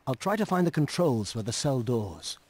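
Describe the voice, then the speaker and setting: A man voicing a calm undercover agent in a video game, speaking in a steady, reassuring way. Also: mid-range voice, moderate pace, background noise, natural voice.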